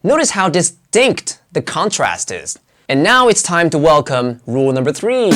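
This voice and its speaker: An English pronunciation teacher giving a scripted lesson narration, with clear, emphatic delivery and dramatic pitch swings. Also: very animated, normal speed, a bit bright, faint music behind.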